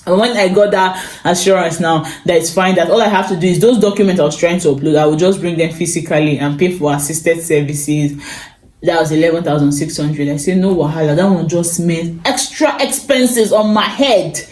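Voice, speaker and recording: Young Nigerian woman, casual vlog storyteller, lively and exclaiming, lowish voice, roomy phone recording. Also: fairly quick. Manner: animated, exclaims and repeats phrases. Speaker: vlogger.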